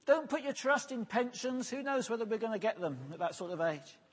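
A man preaching an earnest, pastoral sermon, often letting his phrases fall soft and low at the end. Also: lively intonation, brisk, slightly rough. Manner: earnest, pastoral, drops softly at phrase ends.

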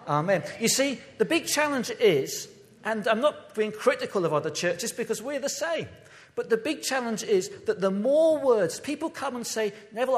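High-voiced man preaching in a hall. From United Kingdom. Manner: impassioned, emphatic preaching. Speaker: pastor. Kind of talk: sermon. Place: church.

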